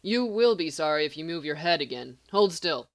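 A woman reading the lines of a sharp-tongued, impatient genius man who snaps commands. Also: low-pitched, animated, normal speed. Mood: snapping. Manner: snappish, commanding.

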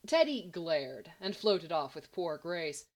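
Brief: a woman reading fiction aloud, measured and even. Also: lowish voice. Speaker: story reader. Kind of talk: read-aloud fan fiction narration.

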